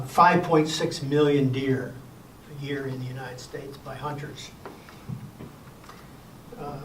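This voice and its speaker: An older man presenting a Sabbath school lesson in a relaxed lecture style, folksy and wry with gentle humor. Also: on the high side, recorded from a distance, a little hiss or hum. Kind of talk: casual lecture to a class. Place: church classroom. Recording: echoey room recorded from afar.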